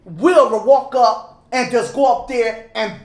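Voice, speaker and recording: An older woman co-hosting a casual chat, telling her side in an animated, drawn-out way. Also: a little high. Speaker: podcast co-host. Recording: roomy echo.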